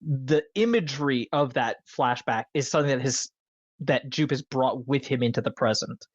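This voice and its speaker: A podcast host in loose film talk, eager and rambling, leaning on fillers as the thoughts tumble out. The voice sits at a middling pitch. The recording is dull and lo-fi, with a dry, close sound. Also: moderate pace, no echo. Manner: enthusiastic, rambling with many fillers. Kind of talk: casual film discussion.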